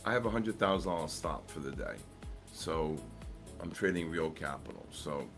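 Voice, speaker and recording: A man's voice: very deep voice, animated, normal speed, over music. A middle-aged man trading live on a stream, chatting casually and rambling through stories with lots of fillers and restarts. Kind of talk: casual chat.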